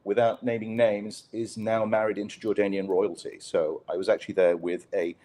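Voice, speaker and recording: A man's voice: lowish voice, flat delivery, moderate pace, dark tone. A journalist man telling a candid, self-deprecating story as a podcast guest. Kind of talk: conversational storytelling.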